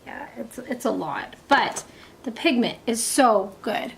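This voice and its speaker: A middle-aged woman chatting casually through a makeup tutorial, rambling and dropping into soft half-whispered asides. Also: on the high side, lively intonation, takes it slowly, creaky, a little hiss or hum. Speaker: beauty vlogger.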